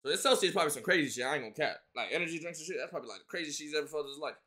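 A man's voice: a little high, very fast, bright, forceful tone. A man chatting casually on a stream, joking and teasing his friend in slang.

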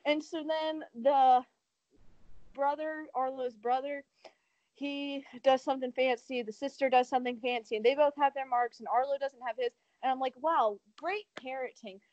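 A woman with a high, bright-toned voice retells a movie plot in a loose, rambling way, with sarcastic asides thrown in. Her voice sounds dry and close, and the recording is a bit muffled. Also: level tone, moderate pace, no echo. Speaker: podcast co-host. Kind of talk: casual podcast chat.

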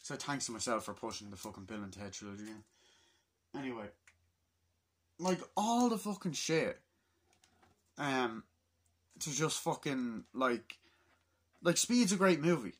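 A man's voice: medium pitch, sing-song, a little slow, pauses often, fairly bright tone. A man of twenty-two in a casual vlog, exasperated and swearing as he mutters to himself. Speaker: film collector vlogger.

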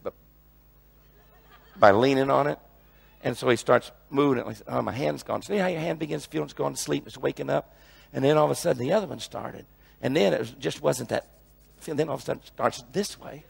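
An older man preaching a sermon, telling a revival story that swings from quiet asides to loud shouting. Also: mid-range voice, brisk, gravelly, pauses often, breathy edge, no room sound. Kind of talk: sermon with testimony.

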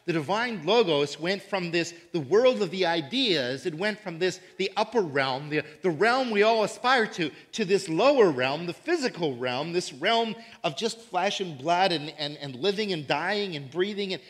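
A man preaching a sermon in church, animated and emphatic, repeating key phrases and acting out imagined listeners. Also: a little high, a little slow. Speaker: pastor.

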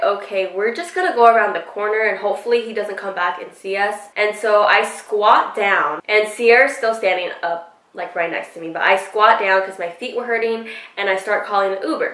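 A woman's voice: mid-range voice, distant mic. A woman vlogger telling a storytime, acting out quotes with lots of casual swearing. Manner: animated retelling with acted quotes and frequent swearing. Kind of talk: storytime vlog. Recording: echoey room, voice off-mic.

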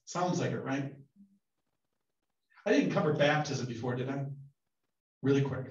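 A man, a pastor, leading a relaxed Bible study, joking and asking the group questions as he teaches. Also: medium pitch, measured pace. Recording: roomy, distant, dull sound.

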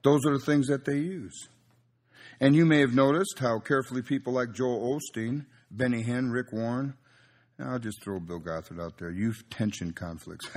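Man, pastor, sermon, husky, folksy and conversational. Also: lowish voice.

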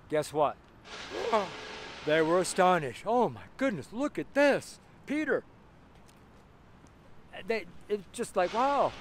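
A male street preacher delivers a fervent sermon outdoors and acts out the scripture scenes in character voices. His voice sits a little higher than most men's, and faint city traffic hums behind him.

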